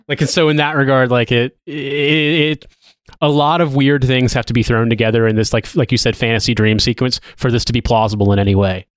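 A man co-hosting a podcast, chatting in a rambling, animated way with many restarts. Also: mid-range voice, fairly quick, no echo. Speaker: podcast co-host. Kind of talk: casual chat.

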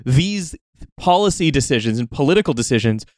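A man hosting a podcast, talking in casual chat with many halting restarts. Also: medium pitch, lively intonation, darkish tone, no room sound, studio quality. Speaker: podcast host.

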